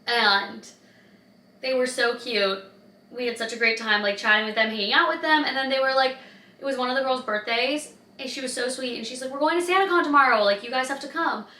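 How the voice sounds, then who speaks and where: A woman's voice: fairly high pitch, brisk, far from the mic. A young woman vlogging in a casual, chatty way, telling stories with lots of "like". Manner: chatty, lots of "like", animated retelling. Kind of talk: casual vlog chat. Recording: roomy sound from off-mic.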